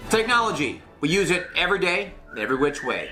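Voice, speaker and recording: A young man hosting a comedy segment, sarcastic and excitable, swinging from loud to soft in a small studio. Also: a little high, quick pace, hardly any pauses, music in the background. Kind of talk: comedic rant. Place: small studio with blue sheet backdrop.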